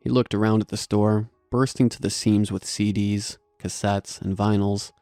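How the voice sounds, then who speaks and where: A man narrating a horror story in a steady scripted delivery. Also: fairly low pitch, moderate pace, no echo, faint music behind.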